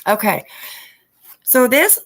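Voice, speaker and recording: A woman hosting a relaxed late-night livestream chat, reading a news article aloud and stopping to greet viewers by name. She gets worked up and swears freely, and her speech is full of fillers, restarts and trailing asides. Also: a little high, takes it slowly, gravelly. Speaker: livestream host.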